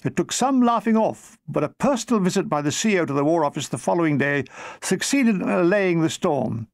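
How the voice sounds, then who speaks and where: A man reads his own comic war memoir with a dry, deadpan delivery. His voice sits fairly high for a man. The sound is close and dry, with no room echo. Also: a little fast, vocal fry. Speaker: author reading his memoir.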